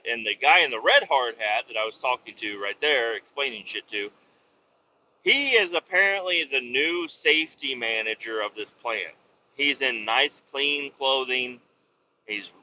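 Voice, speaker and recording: Sharp-voiced man telling a profane story. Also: medium pitch, measured pace. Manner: profane, rambling, animated. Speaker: podcast host, truck driver. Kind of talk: casual storytelling. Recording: dull lo-fi with faint noise.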